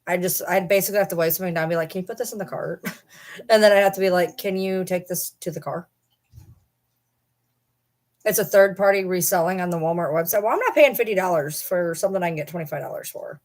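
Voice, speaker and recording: A woman's voice: fairly low pitch, quick pace, a little mellow. A woman hosting a casual livestream, chatting and rambling to viewers and swearing casually. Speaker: livestream host.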